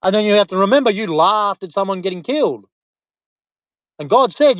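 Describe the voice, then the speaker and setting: A man with an Australian accent talks in a loose, rambling monologue full of fillers and restarts. His voice sits high for a man and sounds close and dry, with no room around it. He leans hard on his points and slides into preaching. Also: animated, brisk, no room sound. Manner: rambling, emphatic, many fillers. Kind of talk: casual monologue to camera.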